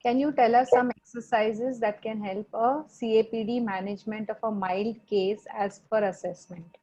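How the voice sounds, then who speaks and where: A woman's voice: a little high, steady tone, moderate pace, warm tone. A woman moderating a webinar, politely putting questions to the speaker on behalf of the audience. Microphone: video call. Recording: muffled video call audio.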